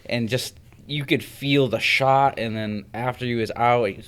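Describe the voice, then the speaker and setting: A man's voice: mid-range voice, fairly even intonation, unhurried, a bit bright, clear, resonant tone. A man who fights MMA, telling fight stories in casual, profane podcast chat. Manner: profane, laid-back storytelling.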